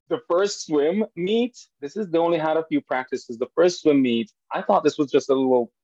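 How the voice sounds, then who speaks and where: A man who is a podcast guest, telling family stories in an animated way and jumping high in pitch when he quotes people. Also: normal speed, no room sound, lo-fi sound. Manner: animated storyteller, voice jumps high for quoted lines. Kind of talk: storytelling in a podcast interview.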